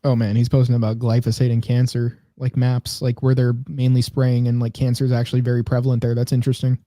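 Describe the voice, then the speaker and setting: Mellow-voiced man browsing posts aloud. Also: mid-range voice, monotone, fast, no echo, clean studio sound. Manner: reads posts aloud while scrolling, thinking out loud. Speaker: podcast co-host. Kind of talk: casual podcast chat.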